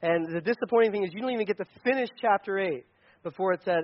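A man preaching a sermon, telling a story in a lively, animated way and acting out the quotes. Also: high-pitched, fast, muffled recording. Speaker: pastor.

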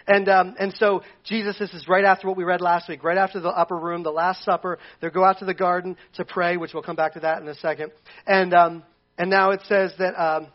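A high-voiced male pastor delivers a sermon in a loose, conversational way. He throws in jokey asides as he goes. The recording sounds dull and lo-fi. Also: level tone, a little fast.

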